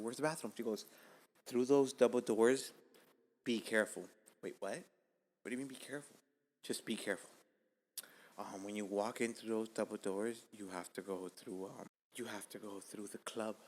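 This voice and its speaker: A man from Miami telling a casual, profane story as podcast host, jumping from loud bursts to hushed asides. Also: mid-range voice, in a large hall.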